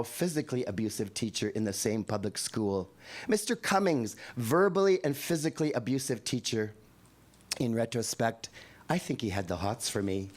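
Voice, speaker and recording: A man's voice: mid-range voice, a little mellow. A man in his sixties from Canada performing wry, profane poetry on a live venue stage into a handheld microphone. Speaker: poet.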